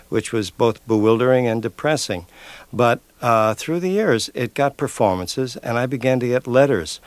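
An older man, a lyricist, answering questions in a radio interview in a reflective, measured way. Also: mid-range voice, no echo. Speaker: lyricist guest. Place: radio studio. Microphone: studio mic.

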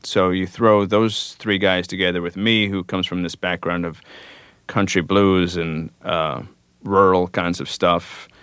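Male musician guest, very deep and smooth, dry studio sound, unhurried and reflective. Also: fairly even intonation, a bit bright, no room sound. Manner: thoughtful, unhurried, with frequent fillers. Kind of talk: relaxed radio interview answers.

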